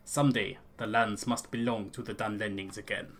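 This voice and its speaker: A man's voice: on the low side, steady tone, brisk, a bit bright, slight background noise, close to an everyday voice. A man voicing a mournful old clan elder. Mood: solemn. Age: older. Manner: solemn, ceremonial speech with a put-on accent. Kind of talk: gameplay voice-over of game characters.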